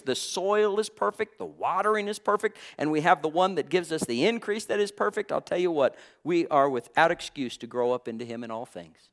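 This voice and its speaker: A man delivering a sermon, his fairly high voice swooping up and down with lively inflection. He preaches in an impassioned yet conversational manner, peppering his talk with exclamations of praise.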